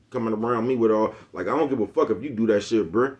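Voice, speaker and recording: A man's voice: fairly low pitch, fast, muffled recording. A man in his forties, a YouTube host, giving a casual motivational monologue full of streetwise slang and repeated catchphrases. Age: 40s.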